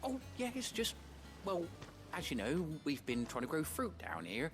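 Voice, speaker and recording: An actor voicing a warm-hearted, slightly hesitant man who tends the hideaway's fruit tree. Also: fairly high pitch, huge pitch swings, moderate pace. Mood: earnest. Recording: game audio with clear music.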